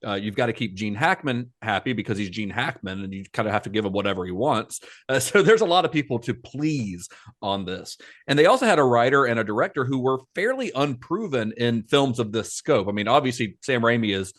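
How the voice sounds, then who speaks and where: A man hosting a film podcast, telling the production story in a relaxed, chatty way with frequent fillers. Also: mid-range voice, fairly quick. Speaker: podcast host. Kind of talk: casual film podcast narration.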